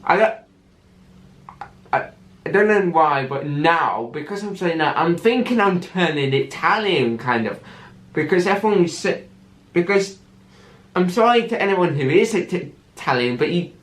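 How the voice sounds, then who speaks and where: A man's voice: on the high side, animated, unhurried, long pauses, fairly bright tone, roomy sound. A man hosting a casual solo podcast who stammers and restarts his words often. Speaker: podcast host.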